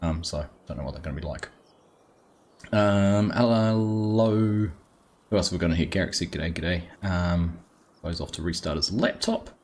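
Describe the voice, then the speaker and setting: Low-voiced Australian man chatting on a stream. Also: moderate pace. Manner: chatty, greets viewers by name, relaxed with fillers. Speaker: livestream host. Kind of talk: casual live gaming stream chat.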